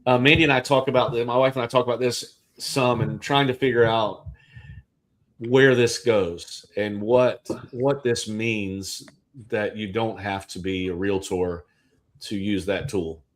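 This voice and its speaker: A man's voice: lowish voice, fairly even intonation, a little slow. A man, co-hosting a livestream in casual chat and talking in loose, rambling sentences with restarts. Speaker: livestream co-host.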